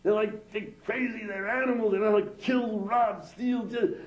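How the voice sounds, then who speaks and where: A man voicing a furious wife who rants loudly in a high voice. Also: fairly even intonation, measured pace, reverberant, lo-fi sound. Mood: raging. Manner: ranting, high-pitched, loud. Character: furious shouting wife, woman, raging.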